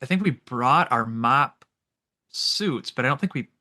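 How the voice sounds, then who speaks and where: A man in his forties hosting a veterans' interview, halting and searching for words as he asks questions. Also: medium pitch, expressive, bright, forceful tone, dry recording, clean studio sound. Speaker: podcast host, veteran. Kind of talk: casual interview.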